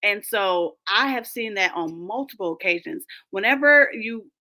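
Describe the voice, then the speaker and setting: A woman coach speaking emphatically as a roundtable guest, animated and often laughing as she makes her points. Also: mid-range voice, moderate pace. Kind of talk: roundtable conversation.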